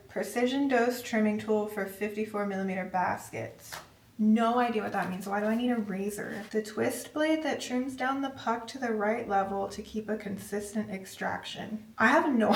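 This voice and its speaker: A young woman chats her way through an unboxing, excitable and chatty, reading labels aloud and now and then out of breath. Her voice sits at an everyday middle pitch. It comes from a little away from the mic in an echoey room, with a faint hiss behind it. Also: recorded from a distance. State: out of breath at times. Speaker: vlogger. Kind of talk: casual unboxing chat.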